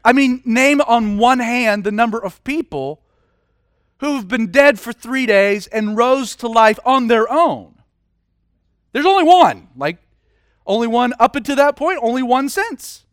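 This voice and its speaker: A man preaching a sermon in a casual, animated way, with humorous asides. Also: extremely high pitch, unhurried, clear, resonant tone, no echo, clean studio sound. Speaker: pastor.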